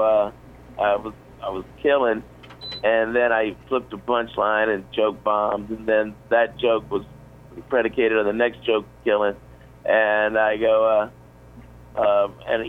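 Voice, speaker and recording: A man's voice: lowish voice, slight background noise. Rambling man in his forties, lo-fi radio. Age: 40s. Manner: rambling, many fillers and restarts. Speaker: comedian guest. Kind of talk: casual storytelling on a radio show.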